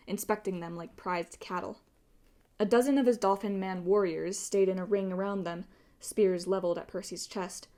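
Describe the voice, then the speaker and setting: A woman reading a novel aloud in a steady, expressive narrating voice. She is an amateur reader recording at home on a cheap microphone through a phone app. Her pitch sits in the middle of the range. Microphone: cheap microphone, phone voice memo app.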